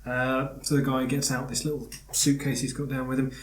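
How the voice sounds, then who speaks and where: A man with a mid-pitched voice spins out a joke in a loose, rambling way, stumbling over fillers as he goes. He is recorded in a roomy, echoing space. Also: fairly quick, a little hiss or hum. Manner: rambling, animated storyteller with many fillers. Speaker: podcast host. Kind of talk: casual chat, telling a joke. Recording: roomy echo.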